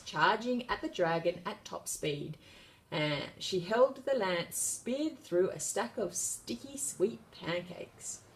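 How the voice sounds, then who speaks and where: A woman reading a children's picture book aloud, narrating in a lively, expressive way. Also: mid-range voice. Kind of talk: storybook read-aloud narration.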